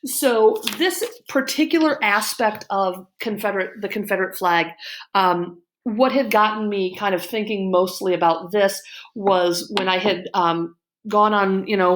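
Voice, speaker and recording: A woman's voice: mid-range voice, fairly even intonation, measured pace, fairly bright tone, a little hiss or hum. Opinionated woman history teacher lecturing. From Illinois, USA. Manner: opinionated, frequent ums and you-knows. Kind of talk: casual lecture-style commentary.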